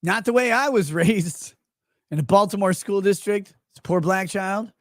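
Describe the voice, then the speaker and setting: A sarcastic man riffing on the news as a livestream host. He mocks the people he describes and slips into quick put-on voices for them. The sound is dry and close, with almost no room. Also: high-pitched, no echo. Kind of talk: casual commentary.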